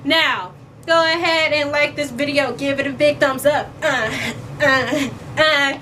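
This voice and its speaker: A woman's voice: high voice, steady tone, a little slow, sharp tone, slight background noise. A young woman chatting playfully to camera as a vlogger, acting out quoted lines as she goes. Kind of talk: casual chat to camera.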